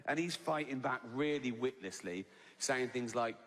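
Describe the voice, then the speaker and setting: A man's voice: medium pitch, expressive, normal speed. A man performing stand-up comedy on a theatre stage, talking conversationally and asking "right?" at the end of his lines. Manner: conversational, asks "right?" constantly. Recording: live theatre reverb, audience noise.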